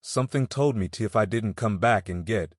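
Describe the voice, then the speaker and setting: A man's voice: lowish voice, brisk, husky, dry recording, clean studio sound. A man voicing a frightened, broken village drifter accused of murder, pleading through sobs in rustic speech.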